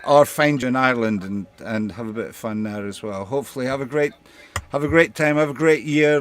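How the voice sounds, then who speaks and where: A man hosting a live online show, talking with frequent hesitations and fillers. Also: medium pitch. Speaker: host.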